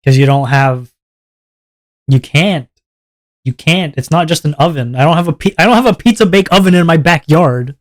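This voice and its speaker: Young canadian guy streaming, ranting all worked up, swears a lot, voice a bit on the high side. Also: normal speed. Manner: animated, exasperated ranting with swearing and laughter. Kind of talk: casual livestream rant.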